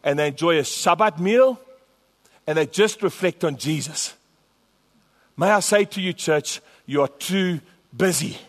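A man's voice: a little high, a little slow, long pauses. A man pastor preaching a sermon to his church, emphatic and repetitive. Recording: long hall reverb.

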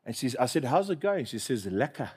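A man's voice: medium pitch, lively intonation, brisk, darkish tone, slight background noise. A man preaching a sermon, telling stories with humor and calling on the congregation to repeat after him. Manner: storytelling, humorous, call-and-response with congregation. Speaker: pastor.

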